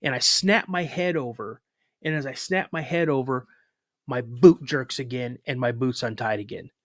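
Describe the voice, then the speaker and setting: A man's voice: mid-range voice, normal speed, no echo, clean studio sound. A man in casual conversation, animatedly retelling a personal story with frequent restarts. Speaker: podcast guest, cryptid researcher.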